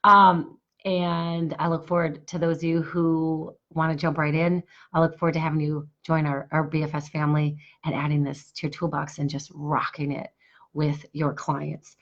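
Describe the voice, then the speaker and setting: A woman coach with a hoarse, husky voice, talking enthusiastically to her live stream viewers and pitching her workshop with repeated phrases. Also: level tone, moderate pace, fairly bright tone, dull audio. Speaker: business coach.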